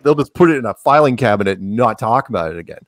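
A man talking casually as a podcast guest, rambling with jokes and animated asides. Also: mid-range voice, fast talker, no room sound, clean studio sound. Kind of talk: casual interview talk.

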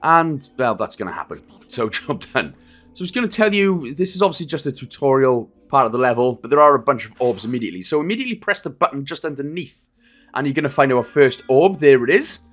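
A man's voice: mid-range voice, lively intonation, fast, fairly bright tone, soft background music. A young Welsh man casually narrating a game walkthrough, chatty with jokey asides and frequent fillers. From Wales. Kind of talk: casual gameplay commentary.

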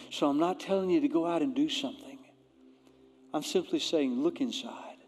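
A man preaching a sermon as pastor, swinging between loud emphatic appeals and hushed, near-whispered storytelling. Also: fairly high pitch, moderate pace. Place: church sanctuary. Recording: long church-hall reverb, faint music.

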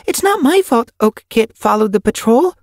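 A brave, restless boy kitten speaks in a very high, bouncing voice full of boasts. The storybook reading is close and dry. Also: big pitch swings, normal speed, dry recording, heavily acted. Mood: eager. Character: bold eager young male kitten, brave and restless.

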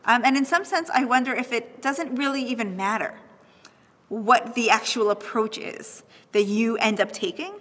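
Bright, breathy woman lecturer, thoughtful. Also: on the high side, normal speed, big-room sound. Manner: animated, thoughtful, frequent "right?" checks. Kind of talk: online lecture on texts.

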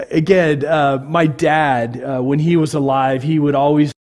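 A man's voice: a little high, steady tone, slow pace, darkish tone. A man from California preaching a sermon as pastor, talking conversationally and asking the congregation questions.

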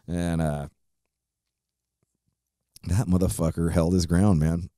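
A man's voice: low-pitched, level tone, takes it slowly, pauses often, warm tone, no echo, studio quality. A middle-aged man hosting a podcast, telling a story casually in a rambling, profane way full of fillers and restarts. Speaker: podcast host.

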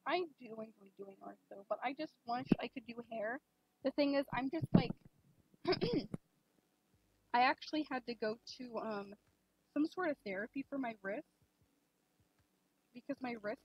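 A young woman streaming a game, chatting casually and rambling with lots of fillers, gushing excitedly at times. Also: a little high, a little hiss or hum. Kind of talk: casual live-stream chat. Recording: dull lo-fi stream mic.

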